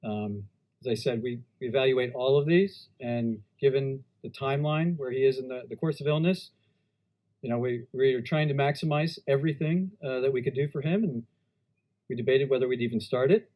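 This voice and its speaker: A man who is a doctor, answering press questions in a halting, hesitant way with many restarts. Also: medium pitch, highs cut off. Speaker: physician at a press briefing.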